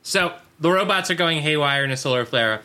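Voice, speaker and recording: Lively bright-voiced man recapping jokingly. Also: a little high, fairly quick. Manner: animated, jokey, acts out lines. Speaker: podcast co-host. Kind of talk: casual chat recapping a cartoon episode.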